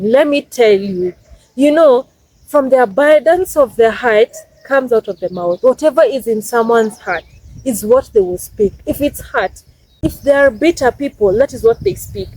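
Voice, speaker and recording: A woman's voice: on the high side, mellow, slightly rough, no echo, low-quality recording. A Kenyan woman in her twenties giving emphatic, casual life advice in a vlog, repeating her points for stress. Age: 20s. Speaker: vlogger.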